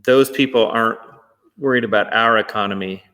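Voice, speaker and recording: Chatty low-voiced man in a reverberant hall. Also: brisk, bright, forceful tone. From Texas. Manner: rambling, self-correcting, chatty. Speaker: host. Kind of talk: casual interview chat.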